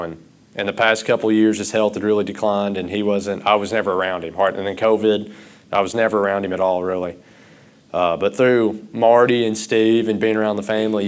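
A man preaching a sermon, starting out halting and rambling, then growing louder and impassioned. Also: fairly low pitch.

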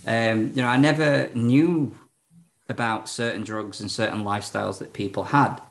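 A man's voice: on the low side, fairly even intonation, normal speed, vocal fry. A man telling his own story frankly as a podcast guest, swearing, using lots of fillers, and laughing often. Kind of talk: candid personal storytelling.

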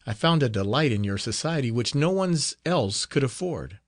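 A fatherly friar speaks with earnest tenderness, voiced by a man reading a novel aloud. His voice sits at a middle pitch and moves through a wide, expressive melody. The sound is close and dry. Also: normal speed, dry recording, natural voice. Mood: tender. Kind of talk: audiobook character reading.

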